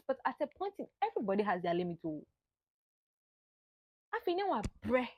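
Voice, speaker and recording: Here a woman with a high voice and big swings in pitch offers heartfelt, earnest advice in a passionate monologue, punctuated by long pauses at a moderate pace. She exclaims and slips local words into English, and there's slight background noise.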